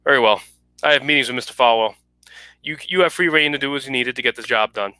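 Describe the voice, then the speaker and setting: A man's voice: medium pitch, fast talker, pushed and bright, no room sound, lightly acted. A man reading an irritable, frazzled president. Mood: exasperated. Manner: exasperated, clipped. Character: harried middle-aged male president, irritable.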